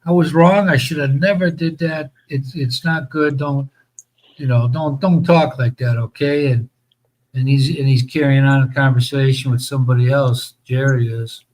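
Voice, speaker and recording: A man in his fifties chatting casually as a podcast co-host, telling stories in a rambling, halting way with many fillers. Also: mid-range voice, fairly even intonation, darkish tone, poor audio. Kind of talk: casual chat.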